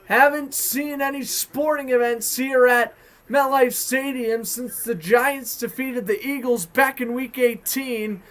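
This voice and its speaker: A man with a Boston accent giving chatty, excited fan-made play-by-play commentary on a hockey game. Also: very high-pitched. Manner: excited, chatty, self-correcting. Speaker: sports commentator.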